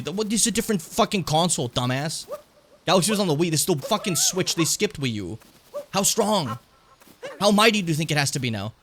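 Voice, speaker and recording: A man's voice: on the high side, animated, fast talker, fairly bright tone, slight background noise. Rambling, foul-mouthed young man streaming. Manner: rambling, casual, swears often. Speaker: game streamer. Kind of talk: let's play commentary.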